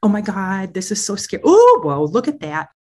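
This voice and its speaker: A woman's voice: medium pitch, huge pitch swings, normal speed, a little mellow. A woman voicing an overly soothing, fretful military sergeant who gushes and coddles. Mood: fretful coddling. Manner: gushing, coddling.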